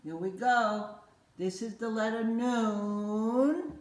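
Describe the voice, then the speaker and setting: Slow-spoken grandmotherly woman teaching children. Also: on the high side, fairly even intonation. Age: older. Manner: slow, playful, coaxing, repeats words for kids to echo. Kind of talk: children's lesson with a puppet. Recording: roomy echo.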